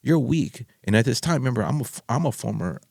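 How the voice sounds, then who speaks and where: A middle-aged man, a podcast guest, candidly telling a personal story in an animated way and stopping to restart his sentences. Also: mid-range voice, very fast, gravelly, no room sound, studio quality. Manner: animated, acts out others' voices, frequent restarts.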